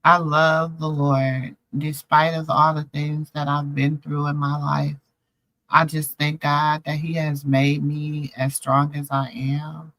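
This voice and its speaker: A woman's voice: deep voice, completely flat delivery, slow, fairly bright tone, no room sound. A middle-aged woman hosting a show, telling a personal story in an emotional, preacherly way and calling listeners baby and y'all. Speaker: show host.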